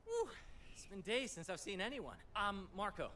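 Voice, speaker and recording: A bubbly young climber dude in a game, super starstruck, voice bouncing all over. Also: male voice, sits high, moderate pace, slight background noise, heavily acted. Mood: eager. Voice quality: bubbly and excitable. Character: eager young male climber, starstruck fan. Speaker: video game character.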